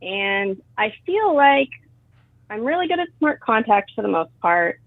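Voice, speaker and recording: A woman's voice: on the high side, very animated, unhurried, no room sound. Casting: woman caller, earnest, hesitant, tinny dry phone line. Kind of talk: phone call to a live show.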